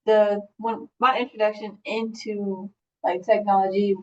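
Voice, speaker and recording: A woman's voice: medium pitch, little pitch movement, a little slow, far from the mic, muffled recording, slight background noise. A young adult woman hosting a podcast, talking casually with lots of "like" and light laughs. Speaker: podcast host. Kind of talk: casual interview chat.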